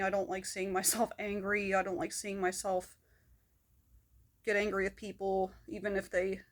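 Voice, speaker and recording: Woman just talking to her camera, kinda rambly, pretty monotone. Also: mid-range voice. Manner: candid, rambling, with soft laughs and fillers. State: shaky hands, feeling manic. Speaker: video blogger. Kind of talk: personal talk to camera.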